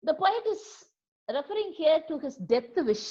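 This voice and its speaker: High-voiced Indian teacher, lo-fi audio. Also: female voice, animated, dark tone. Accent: Tamil-influenced Indian English. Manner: explains slowly, repeats key words, switches into Tamil to gloss. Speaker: English literature teacher. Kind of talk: online poetry lesson.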